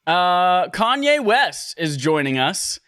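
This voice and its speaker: A man's voice: high voice, big pitch swings, slow pace, a bit bright, smooth, dry recording, clean studio sound. A man hosting a casual gaming podcast from his living room, joking loosely and swearing freely. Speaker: podcast host.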